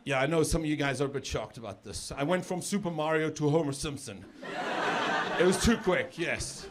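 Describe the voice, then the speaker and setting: A man's voice: fairly high pitch, lively intonation, brisk, very noisy. A middle-aged man with a South African accent doing a chatty stand-up comedy set, often repeating words as he builds a joke. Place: comedy club stage with live audience. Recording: live set with audience laughter.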